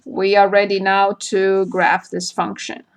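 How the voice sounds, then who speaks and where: A woman math teacher giving a recorded calculus lecture, slowly spelling out each point and step as she works through a graph. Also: mid-range voice, completely flat delivery, clean tone.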